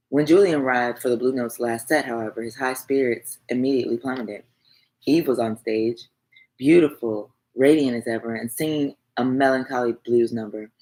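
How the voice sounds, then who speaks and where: A woman's voice: extremely low pitch, moderate pace, warm tone, low-quality recording. Woman reading a romance audiobook. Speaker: audiobook narrator. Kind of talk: scripted narration of a romance novel.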